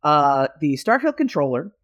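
A woman's voice: deep voice, very animated, muffled recording. Enthusiastic, rambling woman co-host. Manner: enthusiastic, rambling, quick to agree. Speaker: podcast co-host. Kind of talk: casual podcast chat.

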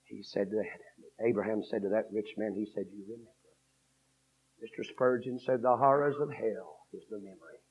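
A man preaching a revival sermon, swinging from hushed storytelling to shouted fervor. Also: fairly low pitch, fairly even intonation, normal speed, slightly rough, lo-fi sound.

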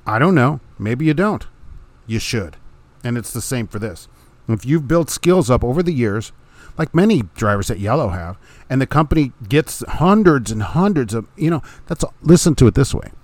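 A middle-aged man who hosts a podcast and drives trucks speaks into a close mic in a dry home room with no echo. His average-pitched, darkish voice sounds blunt, opinionated, and animated, moving at a moderate pace. He keeps things casual and drops short laughs between his points.

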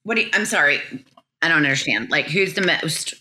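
A woman's voice: sits low, animated, brisk, sharp tone. A woman from Oklahoma with an Oklahoma accent, a reality show cast member chatting casually and defending herself good-naturedly. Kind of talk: casual chat.

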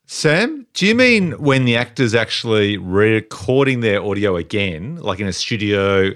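A man's voice: lowish voice, sing-song, a little slow, a bit bright, dry recording, clean studio sound. A man hosting a casual podcast chat, leading segments and reading out trivia. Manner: leads segments, reads trivia aloud. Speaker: podcast host.

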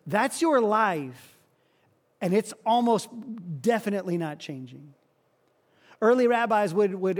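A male pastor preaching a sermon, telling the story in an animated way and often repeating words. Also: sits high. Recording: long hall reverb.

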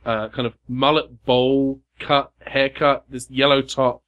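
A man running a tabletop game as game master, narrating scenes in a halting, searching way, recorded in a game shop. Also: mid-range voice, little pitch movement, highs cut off.

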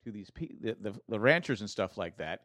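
A man's voice: fairly low pitch, big pitch swings, a little fast, fairly bright tone, no room sound, studio quality. A man hosting a casual chat, recapping a TV western in a rambling way with lots of restarts. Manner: rambling, many restarts, retells scenes. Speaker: podcast host recapping a TV western.

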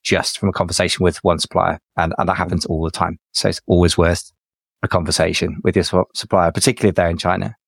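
Male co-host, rapid chatty delivery, very deep register. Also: little pitch movement, gravelly, husky, no room sound, studio quality. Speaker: podcast co-host, business adviser. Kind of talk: casual podcast conversation.

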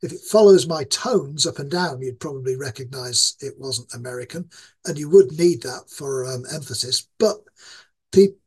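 A man's voice: medium pitch, lively intonation, moderate pace, breathy edge. A man in his sixties with an East Yorkshire accent, talking at length as an interview guest, rambling with many fillers. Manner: rambling, self-described ranting with many fillers. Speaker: guest game designer. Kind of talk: casual interview talk.

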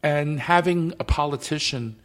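A man's voice: a little high, normal speed. A man hosting a podcast interview, talking in an effusive, emotional way and often repeating himself. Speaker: podcast host. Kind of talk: casual interview chat.

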